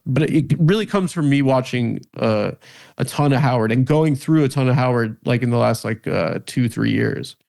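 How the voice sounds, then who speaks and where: A man in his thirties, a comedian guest in a casual interview, talking in halting starts with lots of fillers and self-mockery. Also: mid-range voice, vocal fry, a little mellow. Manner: halting, many restarts and "like" fillers, self-deprecating. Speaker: comedian and podcast host, guest.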